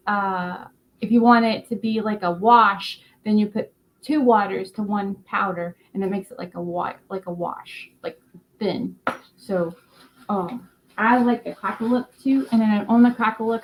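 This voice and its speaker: This tired host speaks in a mid-range voice with a North Carolina Southern drawl, meandering through a casual craft stream with plenty of fillers and stumbles. The audio quality is poor.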